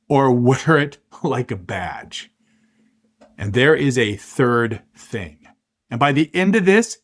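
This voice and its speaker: Animated, emphatic middle-aged man host. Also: medium pitch. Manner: emphatic, punchy rhetorical delivery with dramatic pauses. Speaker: podcast host. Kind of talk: impassioned spoken commentary.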